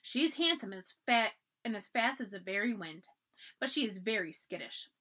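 A woman's voice: medium pitch, very animated, normal speed, bright, forceful tone, breathy edge, exaggerated voice. A woman playing a blunt old horse trader. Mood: earnest. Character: older colonial horse trader, blunt and hearty.

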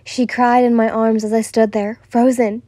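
A woman's voice: fairly high pitch, little pitch movement, moderate pace, warm tone, no echo, studio quality. A young woman narrating a first-person listener story, stumbling and restarting now and then. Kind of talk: reading a listener-insert story.

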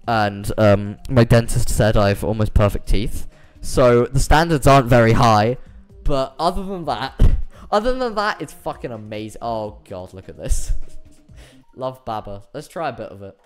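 Lively British man streaming games. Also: medium pitch, moderate pace, clean tone, faint music behind. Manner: chatty, laughs often, reads chat aloud. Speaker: game streamer. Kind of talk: casual live-stream chat.

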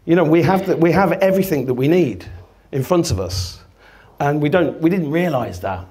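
A man's voice: a little high, lively intonation, normal speed, mellow. Rambling, swearing man talking live. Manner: rambling, swearing, acts out quoted exchanges. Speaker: guest speaker. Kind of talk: casual live talk to an audience. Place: event venue before a live audience.

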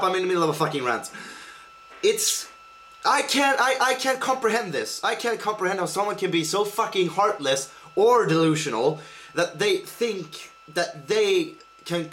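A man rants off the cuff, swearing often and stumbling over his words as he goes. His voice sits a little high for a man, with a faint hiss underneath. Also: animated, moderate pace, a bit bright. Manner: heated, profane, with frequent hesitations. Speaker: vlogger. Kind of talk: improvised rant.

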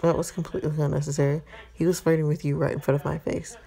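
A possessive young husband in an interactive story game talks in a blunt, clipped way, voiced by a woman. His voice sits low and gravelly. The timbre is dark and mellow. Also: little pitch movement, fast. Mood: irritated. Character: jealous protective young husband.

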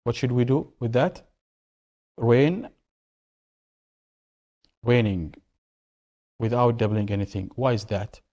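A man with a mellow, warm voice teaches a grammar lesson at a mid pitch. He works through each example by posing a question, answering it himself and repeating the key words. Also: moderate pace. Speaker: English teacher.

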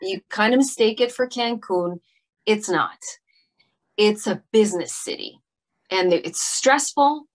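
A middle-aged actress talking through an interview in a reflective way, pausing often with fillers and restarting her sentences. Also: mid-range voice, expressive. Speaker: actress guest. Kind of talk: casual interview conversation.

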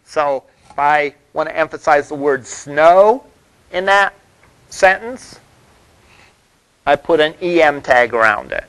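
A man's voice: fairly high pitch, slow pace, long pauses, fairly bright tone, smooth, poor audio. A man teaching a college web development class, talking loosely with lots of fillers and "all right?" check-ins to the room. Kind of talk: classroom lecture.

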